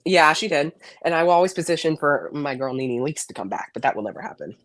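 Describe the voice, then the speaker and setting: A man's voice: fairly high pitch, lively intonation, fast, a bit bright, no room sound. A man calling in to a live stream, chatting casually and gossiping with sassy, emphatic jokes. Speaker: caller. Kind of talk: casual chat as a call-in guest.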